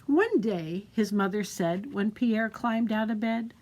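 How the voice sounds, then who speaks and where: A woman leading a children's storytime as librarian, gently explaining a craft and reading a picture book aloud. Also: medium pitch, takes it slowly, few pauses, dull audio. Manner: gentle, encouraging, talks to kids.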